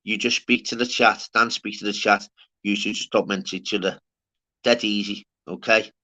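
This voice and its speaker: A man's voice: lowish voice, fairly even intonation, normal speed, bright, forceful tone. A man hosting a live stream, rambling and swearing in casual chat, calling everyone lad. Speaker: livestream host.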